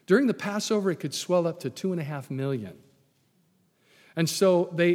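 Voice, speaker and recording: A man preaching a sermon as a pastor, telling the story with lively, sarcastic asides. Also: a little high, in a large hall.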